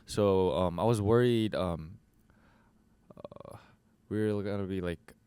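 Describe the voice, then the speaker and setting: A young man guesting in a radio interview, talking hesitantly with many pauses and fillers. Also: sits low, dark tone, clean tone, no echo. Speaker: band member guest. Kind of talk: casual interview talk. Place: radio studio.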